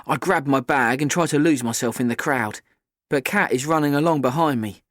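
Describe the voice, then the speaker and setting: A man's voice: mid-range voice, a little fast, a bit bright, no echo, studio quality. A man giving scripted first-person audiobook narration in a glum, tense storytelling manner.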